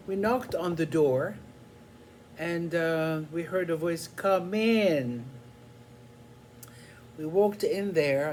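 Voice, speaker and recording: Older guy telling a story real slow, pausy, faint hum in the background. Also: fairly high pitch, darkish tone. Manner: unhurried, reflective, with frequent pauses and fillers. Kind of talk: personal storytelling.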